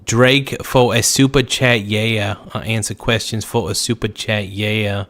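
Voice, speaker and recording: A man's voice: fairly low pitch, fairly even intonation, fairly bright tone. A man hosting a casual livestream, reading out viewer comments and joking back with sudden outbursts. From United States. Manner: joking, riffing, slow drawl with sudden outbursts. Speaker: livestream host.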